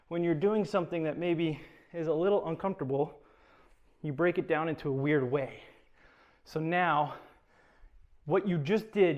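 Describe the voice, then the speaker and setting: A man's voice: a little high, muffled recording. A man talking through a home workout as a fitness instructor, chatty and encouraging, a little out of breath. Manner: chatty, encouraging, self-deprecating.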